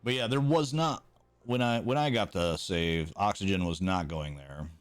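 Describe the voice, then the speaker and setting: A man's voice: sits low, moderate pace. A man streaming a video game, chatting casually with viewers in a laid-back, rambling, self-mocking way and swearing now and then.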